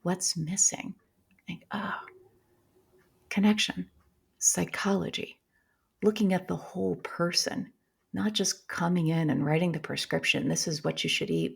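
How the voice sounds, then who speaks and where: Woman podcast guest, low gravelly voice, animated storyteller. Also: moderate pace. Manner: animated storyteller, acts out quotes. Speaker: podcast guest, pediatrician and coach. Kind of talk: casual conversation.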